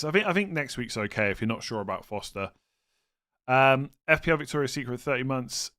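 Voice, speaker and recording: A young man hosting a casual live stream, reading viewer questions aloud and thinking out loud with self-mocking humor. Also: medium pitch.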